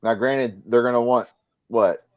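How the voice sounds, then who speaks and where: A man's voice: mid-range voice, steady tone, measured pace, muffled recording. Man musing over numbers in casual chat. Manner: talks through numbers out loud.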